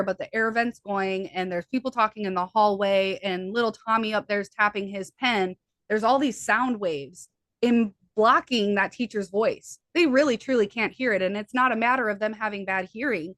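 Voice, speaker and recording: Fast-talking woman hypnotherapist, dry sound. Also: mid-range voice, a bit bright, no echo. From USA. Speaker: hypnotherapist guest. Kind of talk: conversational interview.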